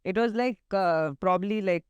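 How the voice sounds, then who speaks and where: A woman, a chef chatting casually as an interview guest, relaxed with frequent fillers and restarts. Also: medium pitch, moderate pace, clear, resonant tone, no echo, muffled recording. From India. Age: 30s.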